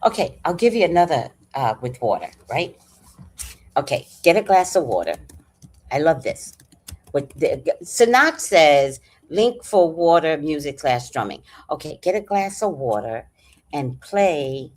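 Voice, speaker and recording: Older female host, casual chat, slow drawl, extremely lively pitch, animated and profane. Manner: animated, laughing, salty-tongued storyteller. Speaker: livestream host.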